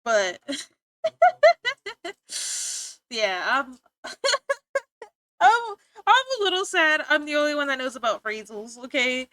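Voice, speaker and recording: A young woman livestreamer chatting casually to her viewers, giggly and rambling, with sudden bursts of excitement. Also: high voice, takes it slowly, pauses often, smooth, no room sound. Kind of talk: casual stream chat.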